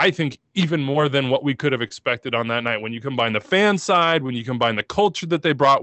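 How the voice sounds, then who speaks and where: A man co-hosting a podcast, talking about soccer in a passionate, excitable and emotional way, rambling as he goes. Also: fairly high pitch, no echo. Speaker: podcast co-host.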